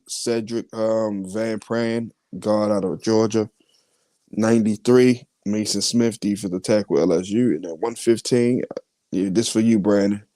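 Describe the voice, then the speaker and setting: A man hosting a podcast, reading out his mock draft picks in a casual, halting way with many fillers. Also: on the low side, darkish tone, no echo. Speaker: podcast host.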